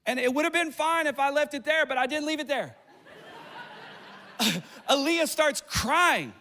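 A middle-aged man, a pastor, preaching a sermon and telling stories with laughs and quick asides. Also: extremely high pitch, expressive, sharp tone, slight background noise.

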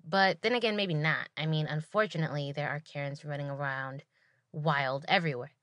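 A woman's voice: deep voice, a little fast, fairly bright tone, no echo. A woman podcast host telling a story as a solo rant, sarcastic and exasperated.

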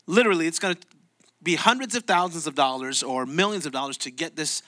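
Male pastor, bright tense tone, mid-high voice, conversational storytelling sermon. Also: quick pace. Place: church.

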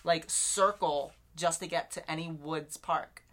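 A woman's voice: deep voice, fairly even intonation, unhurried. A woman co-hosting a casual book podcast, recapping chapters in a chatty way full of "like" and "literally". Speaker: podcast co-host.

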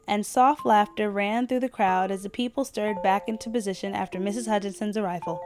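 A woman podcast host reading a short story aloud in a steady, measured way. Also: mid-range voice, faint music behind.

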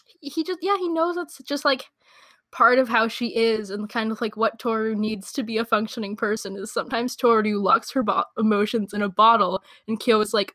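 A young woman co-hosting a casual chat, talking in quick asides and laughing often. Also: fairly high pitch, a bit bright, no room sound. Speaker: podcast co-host. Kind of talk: casual chat about anime.

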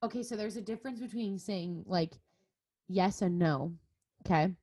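A woman's voice: mid-range voice, a little mellow, dry recording. A young woman hosting a casual podcast chat, filling her talk with "like" constantly. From California. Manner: says "like" constantly, drawn-out filler-heavy talk. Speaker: podcast host.

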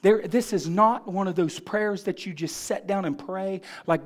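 A man's voice: high-pitched, measured pace, hardly any pauses. A man pastor preaching a sermon, asking the congregation questions and building in fervor.

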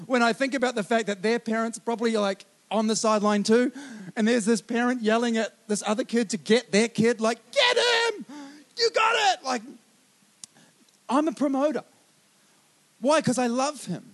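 A man preaching a sermon with fervent, repeated calls of "come on", swinging between loud urgent bursts and quiet slow lines. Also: sits high.

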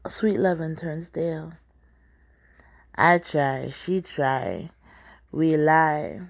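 Give me a woman with a lowish voice reading her own book in an intense, rhythmic spoken-word style. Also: drawn-out words, gravelly. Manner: intense, poetic, rhythmic delivery.

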